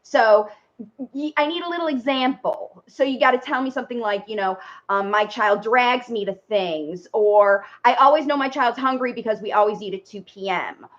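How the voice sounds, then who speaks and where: A woman's voice: a little high, moderate pace, dull audio. A woman parent coach giving a chatty live-stream talk, speaking directly to viewers and walking them through steps. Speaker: parent coach and speech facilitator.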